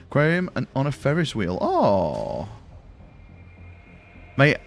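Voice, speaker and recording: This time the young British streamer's medium-pitched voice swoops wildly in pitch, slow and with vocal fry. He's chatty and sweary with his viewers, calling them mate and boys.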